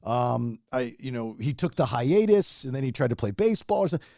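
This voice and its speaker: A man's voice: mid-range voice, sing-song, brisk, warm tone, dry recording, clean studio sound. A man who is a radio personality, a guest on a podcast, telling a heartfelt personal story in a rambling, emotional way with many restarts. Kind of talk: casual storytelling chat.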